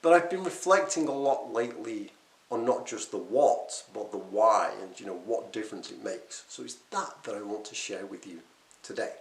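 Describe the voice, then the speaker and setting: A man, talking unscripted to camera as a quit-smoking coach, animated and emphatic, often poking fun at himself. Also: on the low side, normal speed, vocal fry. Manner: animated, emphatic, self-deprecating. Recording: echoey room.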